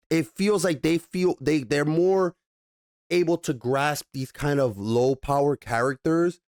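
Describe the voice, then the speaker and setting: A man giving a casual spoken TV review, animated and swearing often. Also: medium pitch, dry recording, clean studio sound.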